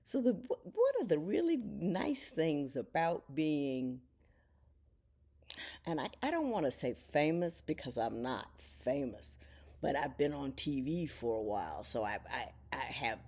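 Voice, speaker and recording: A middle-aged woman, a television judge, telling a casual story at home and acting out the people she quotes. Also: measured pace. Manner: animated storyteller, voices quoted people with big pitch jumps. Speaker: television judge turned podcaster.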